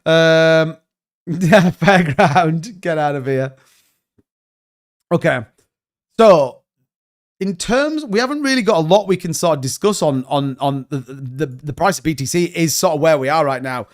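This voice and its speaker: A man's voice: on the high side, lively intonation, a little slow. A man hosting a casual livestream, joking and bantering as he reads out chat comments. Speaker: crypto livestream host.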